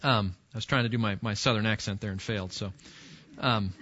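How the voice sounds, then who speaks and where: A male pastor preaching an animated sermon and talking straight to his listeners. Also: lowish voice, fairly quick, slight background noise. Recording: dull lo-fi recording.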